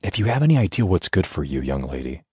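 A man's voice: big pitch swings, fast talker, husky, dry recording, exaggerated voice. Man voicing a stern, commanding husband. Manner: low, firm warnings.

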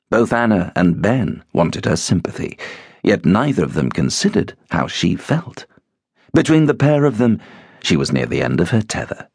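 Husky-voiced male audiobook narrator. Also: fairly low pitch, no echo, studio quality. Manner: expressive, measured storytelling. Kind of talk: scripted narration.

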